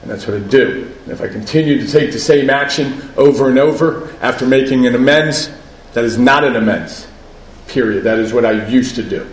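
A man's voice: mid-range voice, fairly quick, roomy sound, slight background noise, poor audio. A man giving a personal share at a recovery meeting, conversational, often asking "right?" and laughing at himself.

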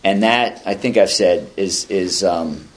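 A man in his fifties with a low voice shares at a recovery meeting. He talks in a loose, wandering way and mixes read-out passages with dry jokes at his own expense. A faint hum of room ambience sits behind him. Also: slow. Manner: rambling and conversational, with dry self-deprecating humor. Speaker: speaker sharing at a recovery meeting. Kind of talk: casual spoken share, reading passages aloud and commenting.

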